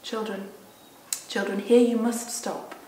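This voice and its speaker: A gentle, grieving great lion, voiced by a woman reading a storybook speaks softly and solemnly. His words come slow and tender, a little high for a lion. The room behind him echoes. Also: flat delivery, slight background noise. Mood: sad.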